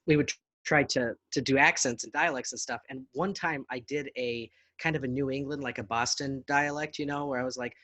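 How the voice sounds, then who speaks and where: A man in his forties, an actor talking as a guest in a casual interview, animated and laughing easily. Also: mid-range voice, dry recording. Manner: animated, laughs easily, slips into accents for jokes. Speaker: actor and podcast producer, guest.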